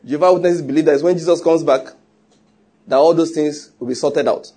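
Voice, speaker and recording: Pastor preaching, high voice, kinda husky, emphatic. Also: male voice, brisk, warm tone. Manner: emphatic, with rhetorical questions. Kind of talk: sermon.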